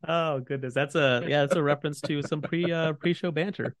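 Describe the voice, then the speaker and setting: A man's voice: a little high, a little fast, no room sound. A man hosting a podcast, chatting casually about game lore and filling his talk with lots of "you know" and "like". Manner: rambling, heavy on fillers like "you know" and "like". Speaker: podcast host.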